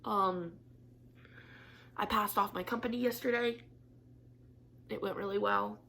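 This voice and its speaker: A woman's voice: medium pitch, fairly even intonation, unhurried, gravelly, bright, forceful tone. A young woman chatting candidly to camera in a craft vlog, swearing casually and laughing often, teary and disappointed. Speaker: craft vlogger.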